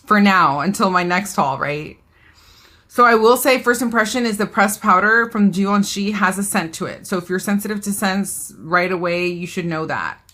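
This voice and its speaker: A woman's voice: mid-range voice, normal speed, bright, forceful tone. A woman, hosting a casual live beauty haul, chatting and reading viewer comments aloud. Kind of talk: casual live-stream chat.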